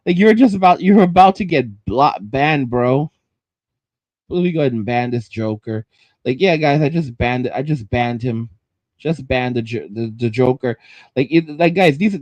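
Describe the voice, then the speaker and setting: Man, livestream host, heated repetitive rant, middle-pitched voice, dry close mic. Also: a little mellow, no room sound. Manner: heated, repetitive, stumbling over words. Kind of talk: ranting livestream commentary.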